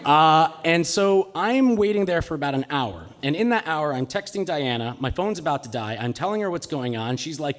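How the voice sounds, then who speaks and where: A man's voice: on the high side, lively intonation, moderate pace, few pauses. A man telling a personal story live on stage, with a comic, self-mocking delivery. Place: live stage in a cultural center.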